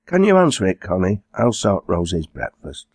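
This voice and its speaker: Fussy kind farm mum, middle-aged, a bit raspy, male narrator doing her. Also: deep voice, huge pitch swings, moderate pace, darkish tone, dry recording, exaggerated voice. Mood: motherly. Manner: kindly, fussing. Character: warm motherly farmer's wife, middle-aged.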